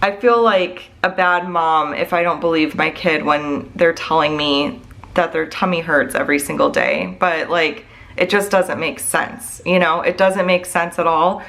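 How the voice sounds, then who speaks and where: A woman's voice: deep voice, fairly even intonation, a little slow, fairly bright tone. A woman vlogger and mom chatting casually to her viewers. She rambles candidly and sounds worried, filling her talk with "like" and "I don't know.".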